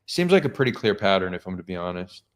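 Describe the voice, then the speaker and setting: A man's voice: low voice, very animated, fast. A man hosting a live stream, talking casually and skeptically, thinking aloud with frequent restarts. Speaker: streamer host.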